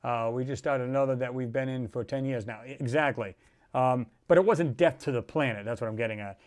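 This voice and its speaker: A man's voice: mid-range voice, fairly quick. A middle-aged man hosting a casual livestream, talking in a rambling, emphatic way and acting out the people he quotes. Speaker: channel host.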